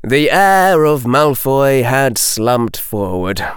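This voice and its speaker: A man reading a story aloud as narrator, in an expressive, lively way. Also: mid-range voice, slow, clear, resonant tone, dry recording, clean studio sound.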